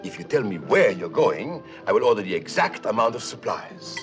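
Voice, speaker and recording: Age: middle-aged. Sex: male. Figure: a fawning, excitable fixer. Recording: 1950s film. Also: normal speed, faint music behind. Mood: fussing. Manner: excitable, fawning, voice leaps high in protest. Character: fussy, wheedling middle-aged male trader-official. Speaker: scheming fixer who keeps a bill.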